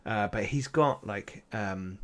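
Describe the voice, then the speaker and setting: A man with a lowish voice runs a tabletop game as game master. He narrates loosely and rambles, with plenty of fillers and chuckles along the way. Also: slow pace, a little hiss or hum.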